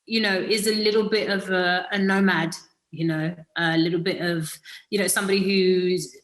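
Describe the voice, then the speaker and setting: A woman's voice: fairly low pitch, fairly even intonation, moderate pace, poor audio. A British woman giving a thoughtful interview about her acting role, with many fillers and restarts. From Britain. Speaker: actor, interview guest. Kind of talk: casual interview talk.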